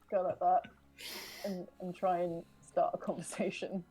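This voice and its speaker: A woman's voice: lowish voice, level tone, measured pace, warm tone, faint music behind, low-quality recording. A woman playing a tabletop game, speaking hesitantly and with amusement. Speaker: player. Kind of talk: tabletop role-play chat.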